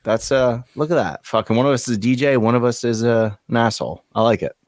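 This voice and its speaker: A man's voice: medium pitch, fast, no echo, studio quality. A man co-hosting a podcast in casual chat, full of joking, crude banter. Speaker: podcast co-host.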